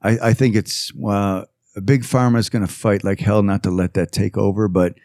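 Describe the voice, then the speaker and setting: A man speaking as a podcast guest in casual conversation, earnest and reflective, pausing often with fillers. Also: lowish voice, steady tone, a little mellow, no echo, studio quality.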